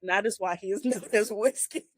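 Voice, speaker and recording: A woman hosting a casual chat show, telling an embarrassing story with animated, laughing delivery. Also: medium pitch, brisk, dry recording. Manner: animated, laughing, shrieking at punchlines. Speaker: host.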